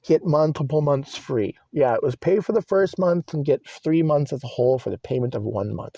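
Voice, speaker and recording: A young man vlogs from inside his car, his slightly high, dark-toned voice caught on a dry, muffled lo-fi recording. He rambles in an agitated way, swearing and repeating himself as he vents.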